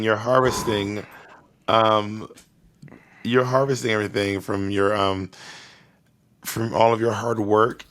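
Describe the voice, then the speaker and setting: A man's voice: fairly low pitch, a bit bright. A man co-hosting a podcast in casual chat, playful and teasing, rambling a little as he talks. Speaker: podcast co-host.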